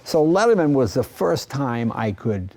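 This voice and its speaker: Older male guest, mellow tone, lively storyteller who acts out quotes. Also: medium pitch, unhurried. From East Coast of the US. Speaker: interview guest. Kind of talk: anecdotal interview talk.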